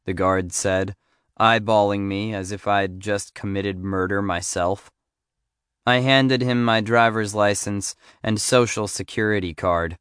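Slow, low-voiced male audiobook narrator. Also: smooth, no echo, studio quality. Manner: measured, even storytelling.

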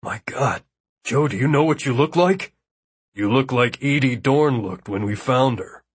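A man's voice: medium pitch, animated, a little slow, breathy edge, dry recording. A man voicing a nervous, worried man fussing over a friend. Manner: anxious, hovering.

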